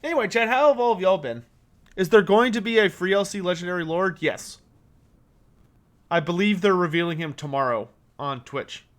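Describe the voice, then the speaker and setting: A man's voice: high voice, lively intonation, moderate pace, fairly bright tone. A man streaming a strategy game, chatting casually and joking while he answers his chat. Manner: laid-back, joking, answers chat questions.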